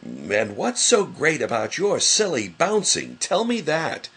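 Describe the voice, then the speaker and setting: A prickly, fussy rabbit snaps in a sharp, raised voice, as a man plays him for a storybook. It has a husky edge and jumps around in pitch. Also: huge pitch swings, slow, full character voice. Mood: snapping. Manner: snappish, fussy. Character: fussy irritable male rabbit gardener.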